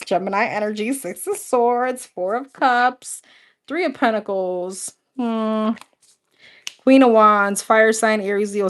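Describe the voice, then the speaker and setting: A young adult woman doing a casual tarot reading, calling out cards one after another and chatting with viewers, laughing often. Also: on the high side. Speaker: tarot reader.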